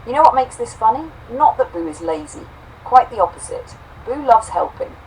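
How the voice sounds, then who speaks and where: A woman co-host reading a homespun robot story aloud, saying the quote marks out loud, then reflecting warmly on it. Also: fairly high pitch, big pitch swings, moderate pace, distant mic, a little hiss or hum, poor audio. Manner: warm, affectionate, reads quote marks aloud.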